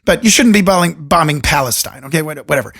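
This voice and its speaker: Gravelly animated man on a podcast. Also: a little high. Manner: animated, jokey, rambling asides; deliberate radio voice. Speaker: podcast host. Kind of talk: solo podcast monologue. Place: room alone. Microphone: studio microphone.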